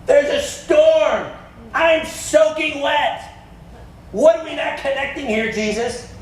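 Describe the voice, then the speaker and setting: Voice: high-pitched, slow, a little hiss or hum, voice pushed up. A preacher acting out a panicked male fisherman disciple during a sermon, exasperated and calling out over a storm. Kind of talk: sermon storytelling. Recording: echoey church hall, far from mic.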